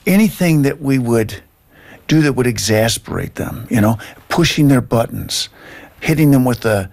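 A man, a guest, earnestly giving parenting advice in a halting way. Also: medium pitch, lively intonation, vocal fry, a little mellow. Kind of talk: casual discussion.

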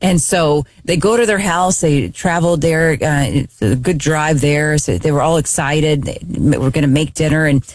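A woman's voice: sits low, moderate pace, hardly any pauses, no room sound. A woman co-hosting a radio show, telling a story in casual chat and acting out the people in it. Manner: animated storyteller, acts out quotes. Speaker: radio co-host. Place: radio studio.

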